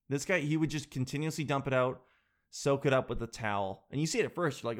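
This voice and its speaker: A man telling a comic story as a comedian, animated and exaggerated, mocking himself. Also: mid-range voice, brisk.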